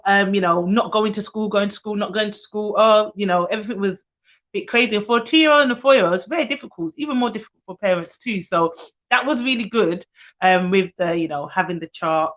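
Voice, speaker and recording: A young woman who works as a nanny, chatting casually and animatedly on a live stream. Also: medium pitch. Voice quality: chatty, animated, laughs often. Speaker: nanny and childcare provider. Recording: dull lo-fi live stream audio.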